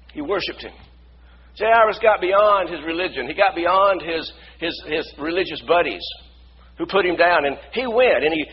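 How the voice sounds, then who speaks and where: A male pastor preaching a sermon, building from quiet storytelling to shouted praise. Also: high-pitched, dull audio, a little hiss or hum.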